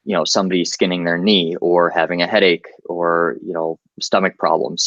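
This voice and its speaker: A man's voice: low-pitched, dry recording, highs cut off. A male medic talking as a guest on a podcast, practical and chatty, with a lot of "you know" fillers. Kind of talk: casual podcast interview.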